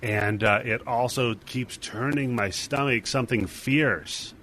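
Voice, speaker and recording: A man's voice: medium pitch, measured pace, fairly bright tone, slight background noise, lightly acted. A man putting on a frail seasick old man. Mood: fussy.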